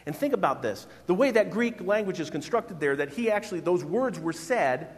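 A man's voice: sits high, fairly quick, long reverb tail. A man preaching a sermon as pastor, speaking expressively and with emphasis. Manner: expressive, emphatic, acts out quoted voices.

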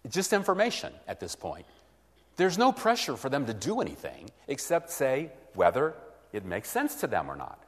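A man's voice: medium pitch, huge pitch swings, measured pace, pauses often, big-room sound. A man preaching a teaching sermon, acting out both sides of a conversation.

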